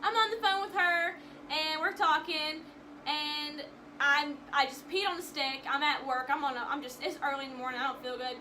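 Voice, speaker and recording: A woman's voice: high voice, normal speed, sharp tone, slight background noise, low-quality recording. A young woman vlogger telling a personal story to camera in an emotional, rambling way, with frequent restarts.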